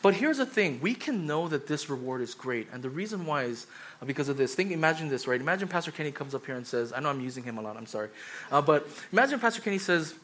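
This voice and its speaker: A young man gives a sermon as a pastor, his voice sitting a little higher than most men's. He preaches with animated energy, tells personal stories and slips into the voices of the people in them. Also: fast talker. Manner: animated storytelling, acts out quoted voices.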